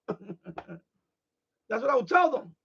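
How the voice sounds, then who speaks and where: A middle-aged man hosting a live stream, ranting in a blunt, profane, animated way in casual chat. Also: sits high, extremely slow, vocal fry, slightly rough, dull audio.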